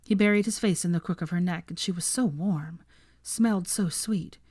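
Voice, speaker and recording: Low-voiced woman narrating fan fiction. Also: normal speed, darkish tone, husky, dry recording, clean studio sound. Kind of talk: reading fan fiction aloud.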